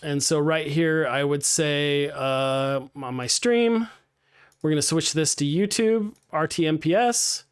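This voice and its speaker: Speaking slowly in a smooth, somewhat high voice, a man leads a live game streaming lesson. He's casual and cheerful as he explains setting up the software, often saying um and starting over.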